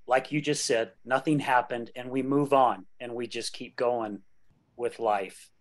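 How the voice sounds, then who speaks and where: A man's voice: mid-range voice, fairly even intonation, unhurried. A man in his late fifties hosting a podcast, talking candidly and joking, laughing often. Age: late 50s. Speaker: podcast host. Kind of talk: casual conversation.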